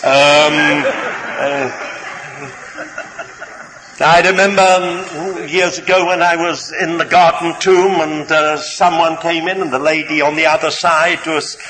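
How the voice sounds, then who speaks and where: A man preaching a sermon, deliberate and halting, with many fillers and gentle humour, in a large hall. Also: fairly high pitch, steady tone. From Britain. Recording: reverberant hall, faint background noise.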